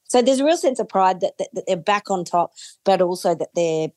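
A woman's voice: fairly low pitch, lively intonation, fairly quick, a little mellow, no echo. Enthusiastic Australian woman commentator. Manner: enthusiastic, chatty storytelling. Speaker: Eurovision commentator. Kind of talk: interview answers.

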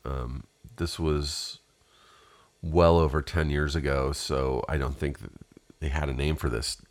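A man's voice: rumbling low, steady tone, measured pace. A man telling a rambling personal story in a casual, profane way, with many fillers.

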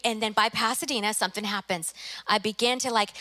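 A woman's voice: fairly high pitch, moderate pace, sharp tone. A middle-aged woman, a university president, preaching an earnest sermon in a church and acting out her own prayers. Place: church sanctuary.

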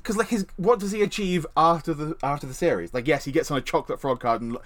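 A man's voice: a little high, fast talker, a bit bright. A man co-hosting a podcast, chatting casually and opinionatedly, swearing now and then. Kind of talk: casual chat.

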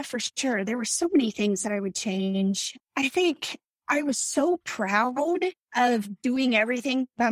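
A woman's voice: on the high side, no echo. A woman being interviewed on a podcast, talking frankly and wearily, acting out the people in her story. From Colorado. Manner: frank, tired, tells story with quoted dialogue. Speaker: podcast guest, former bakery owner. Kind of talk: candid conversational interview.

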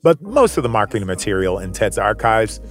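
A man's voice: fairly low pitch, very animated, brisk, soft background music. A man narrating a documentary in a polished, wry scripted voice-over.

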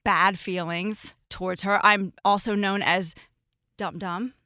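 Guest role: woman in her 40s, bright and tense voice, emotional storyteller, dry close studio sound. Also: medium pitch, steady tone, slow pace, dry recording. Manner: emotional, laughs often, tells stories with quoted dialogue. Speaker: podcast guest, former roommate. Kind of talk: casual storytelling chat.

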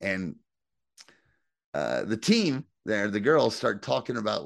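A man's voice: lowish voice, very animated, takes it slowly, creaky, no room sound, studio quality. A man co-hosting a podcast, recapping a TV episode in casual, rambling chat and acting out characters' lines. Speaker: podcast co-host.

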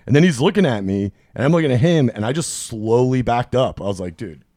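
A man telling crude, animated anecdotes on a podcast and acting out the people in them. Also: medium pitch, brisk, dry recording. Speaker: podcast host. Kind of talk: casual storytelling chat.

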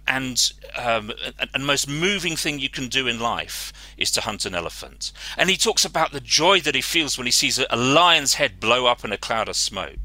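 A man speaking as a guest advocate, impassioned and earnest, pausing with fillers as he searches for words. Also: medium pitch, sharp tone, no echo, low-quality recording. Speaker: guest, anti-trophy-hunting advocate. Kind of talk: earnest interview answer.

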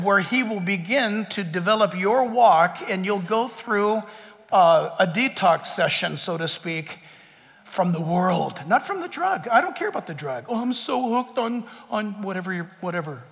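A man preaching a sermon as pastor, emphatic, surging to loud peaks and then sinking low and quiet. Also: lively intonation, normal speed. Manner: emphatic, rising to near-shouts then dropping low. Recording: long hall reverb.

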